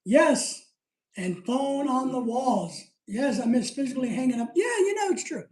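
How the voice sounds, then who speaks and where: A man's voice: extremely high pitch, lively intonation, normal speed, darkish tone. A middle-aged man hosting a live stream in casual chat, reading out viewer comments, rambling and joking, laughing often. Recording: roomy echo.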